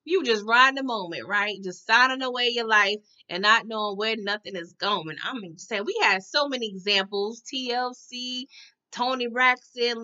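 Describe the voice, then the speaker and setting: A woman giving a chatty, slangy recap of a TV episode, with quick asides. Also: on the high side, bright, forceful tone, muffled recording. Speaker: TV episode reviewer. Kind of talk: casual TV recap.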